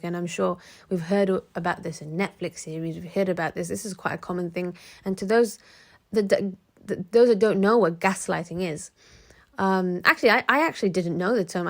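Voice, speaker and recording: A woman's voice: lowish voice, vocal fry. A woman giving casual advice straight to the camera, chatty and prone to digressions. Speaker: motivational video creator.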